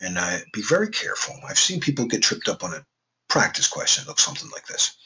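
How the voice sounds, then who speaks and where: A man's voice: fairly low pitch, sing-song, fast talker, pushed and bright, rough recording. A man teaching a class in a casual, conversational way, with joking asides. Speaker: instructor. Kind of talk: classroom lecture.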